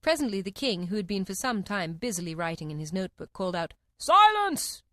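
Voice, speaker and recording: Expressive woman reading a storybook. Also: fairly low pitch, fast, dry recording, clean studio sound. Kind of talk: scripted story narration.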